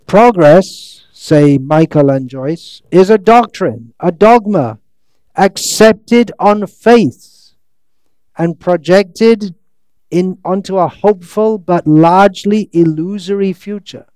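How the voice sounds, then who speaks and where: A man giving a scriptural lecture, reading out quotes slowly and breaking into sarcastic, ironic asides. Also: sits high, a little mellow, no echo. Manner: reads quotes slowly, stretches words. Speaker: monk lecturer. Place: lecture hall in India.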